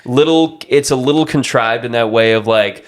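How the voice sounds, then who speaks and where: A man talking in a loose, rambling podcast chat, his voice sitting at an ordinary middle pitch. He gets animated and swears casually as he goes, piling up restarts and tangents. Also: normal speed.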